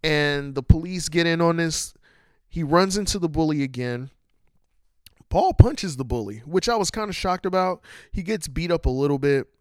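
Animated man recapping a film. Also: fairly high pitch, normal speed, clean tone, no echo, clean studio sound. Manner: animated storyteller, acts out quotes. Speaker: podcast host.

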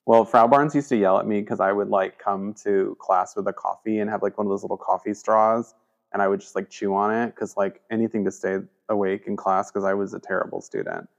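A man's voice: fairly low pitch, a little fast, creaky. A man hosting a podcast, telling stories in a casual way. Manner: storytelling, quotes people in animated voices. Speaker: podcast host. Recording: dull lo-fi podcast audio.

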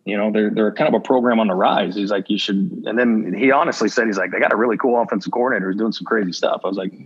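A man's voice: on the low side, racing, slightly rough. A man, a football coach, talking in a casual interview and acting out old conversations as he tells stories. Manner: candid, acts out remembered conversations. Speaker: assistant football coach, podcast guest. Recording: dull lo-fi audio.

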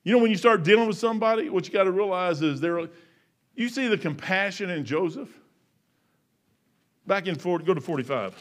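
A man in his fifties preaching with a high voice. He tells folksy stories and acts out both sides of a conversation. His delivery swings between loud emphatic bursts and quiet, low asides. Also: lively intonation, fairly quick, long pauses. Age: 50s. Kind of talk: sermon.

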